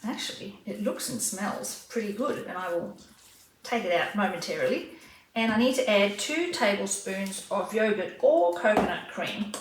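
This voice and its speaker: A woman vlogging as she cooks at home, talking in an unhurried, chatty way while she stirs, serves and tastes her food. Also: medium pitch, lively intonation. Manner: unhurried, chatty, talks while cooking and tasting. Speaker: cooking vlogger. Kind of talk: casual cooking vlog narration. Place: home kitchen. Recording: roomy, distant mic, faint kitchen noise.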